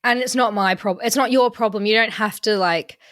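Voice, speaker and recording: A young woman hosts a casual podcast chat, telling stories and slipping into quoted voices with plenty of swearing. Her pitch sits in the middle, and the recording is dry and close with no room sound. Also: fairly quick, fairly bright tone, dry recording. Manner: chatty, swears freely, acts out quotes. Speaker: podcast host. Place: London.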